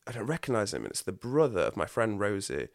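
A man's voice: on the low side, huge pitch swings, fast talker, vocal fry, dry recording, clean studio sound. A man, telling his personal story in a candid, confessional way on a podcast, often restarting his sentences. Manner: earnest, confessional, frequent restarts. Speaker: podcast guest.

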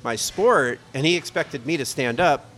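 A man's voice: a little high, moderate pace, a bit bright, slight background noise. A middle-aged man co-hosting a casual pub chat, telling a rambling, self-mocking travel story. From United States. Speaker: podcast co-host.

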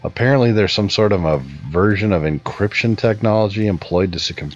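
Man, podcast host, low voice, swears a lot, sarcastic jokes, dull lo-fi recording, faint music. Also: fairly quick. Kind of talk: casual chat with a soundboard.

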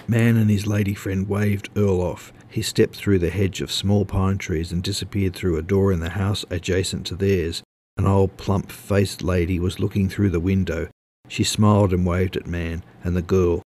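Deep-voiced narrator. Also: male voice, little pitch movement, normal speed, darkish tone. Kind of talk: audiobook narration.

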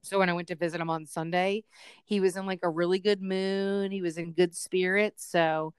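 A woman's voice: lowish voice, normal speed, clear, resonant tone, no room sound. A young adult woman co-hosting a podcast, telling a family story in casual chat and acting out relatives' voices. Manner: animated, does loud voices of family members in her stories. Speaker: podcast co-host.

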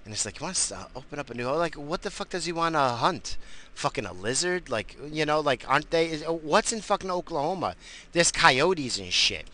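A man's voice: on the high side, sing-song, normal speed, pushed and bright. A man hosting a podcast, rambling through a profane casual rant, swearing constantly and stammering on his restarts. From family from the Azores. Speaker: podcast host.

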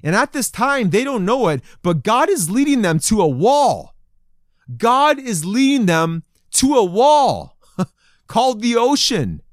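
A man preaching a sermon to a men's group, reading scripture and acting out the people's voices with lively emphasis. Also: extremely high pitch, measured pace, no echo, clean studio sound. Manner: animated, acts out crowd voices in quotes. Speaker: pastor. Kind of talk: sermon to men.

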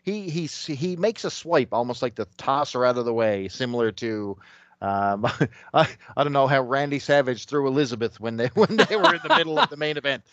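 A man co-hosting a casual comic book review chat, often laughing and putting on gruff voices when he reads lines. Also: mid-range voice, sing-song, fairly quick, fairly bright tone. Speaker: podcast co-host. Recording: dull lo-fi dry sound.

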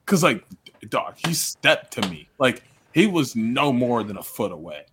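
A man's voice: mid-range voice, measured pace, noisy background. Laughing young man telling a story. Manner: animated, laughing, full of "like" and "you know". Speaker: podcast co-host; coach. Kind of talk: casual storytelling chat.

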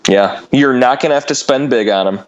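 A man's voice: mid-range voice, fairly quick, muffled recording. A man co-hosting a casual sports podcast, playful and wisecracking. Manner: playful, wisecracking, self-promoting. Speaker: podcast co-host.

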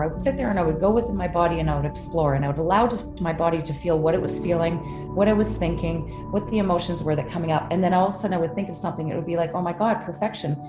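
A woman's voice: on the low side, reverberant. A middle-aged woman telling a personal story with candid emotion, swearing freely. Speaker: guest.

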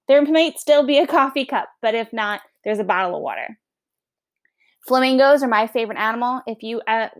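Woman, Long Island accent, fairly high pitch, teacher, casual podcast intro, upbeat, chatty. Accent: Long Island New York. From New York. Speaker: history teacher.

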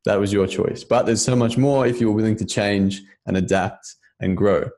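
Earnest low-voiced man, casual chat. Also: steady tone, moderate pace, a little mellow. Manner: earnest, loose, keeps asking "you know what I mean".

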